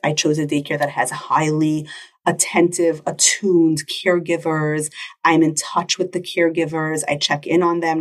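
Husky-voiced woman podcast host, a bit distant. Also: sits low. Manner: animated, acts out quick parent-child exchanges. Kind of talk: casual podcast talk.

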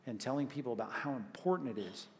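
A man preaching a sermon in an animated, conversational way, often checking in with "right?". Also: mid-range voice, fast, gravelly, a little hiss or hum. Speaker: pastor.

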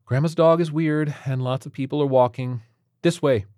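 A man's voice: mid-range voice, steady tone, normal speed, darkish tone, no room sound, studio quality, pitched above the performer's own voice, lightly acted. A man voicing a tired, impatient young mother speaking in a curt, weary way. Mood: brisk.

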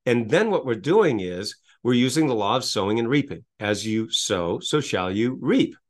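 A man's voice: mid-range voice, lively intonation, normal speed. A middle-aged man, a business coach, speaking energetically in an interview with a repetitive motivational cadence and frequent rhetorical questions.

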